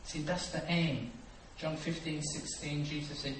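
A man preaching a sermon, acting out dialogue and swinging from quiet reflection to loud, animated storytelling. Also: fairly high pitch, unhurried. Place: church hall. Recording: echoey hall, distant mic, noisy.

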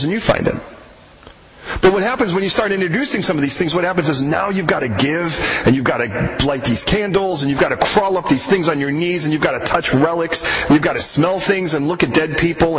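A man preaching a casual, conversational sermon, animated and joking, sometimes tripping over repeated words. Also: on the high side. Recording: roomy echo with faint hiss.

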